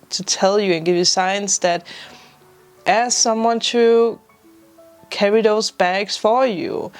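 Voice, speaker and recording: Tearful woman giving a tarot reading. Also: medium pitch. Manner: emotional, laughing through tears, gentle reassuring guidance. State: teary. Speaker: tarot reader. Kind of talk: spiritual tarot reading to camera.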